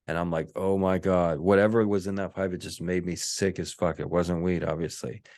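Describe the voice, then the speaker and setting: A man's voice: sits low, fairly even intonation, moderate pace, a little mellow, no echo, clean studio sound. A man hosting a podcast, telling a rambling personal story in a casual monologue, full of restarts and acted-out quotes. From Texas. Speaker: podcast host.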